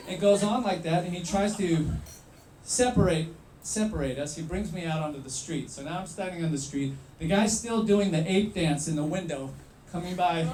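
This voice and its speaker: A man telling a true story live, in an animated, wry way with pauses for effect. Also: high-pitched, echoey room, a little hiss or hum.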